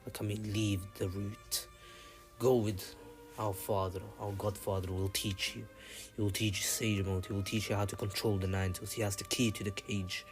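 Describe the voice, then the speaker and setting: A man's voice: on the low side, level tone, normal speed, soft background music, close to an everyday voice. A man voicing a loving older brother ninja, speaking earnestly and tenderly in a farewell. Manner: earnest, tender, repeats goodbyes.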